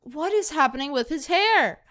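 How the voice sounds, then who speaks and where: A young woman co-hosting a casual podcast chat, rambling and halting with lots of fillers and restarts. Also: high-pitched, animated, a bit bright. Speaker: podcast co-host.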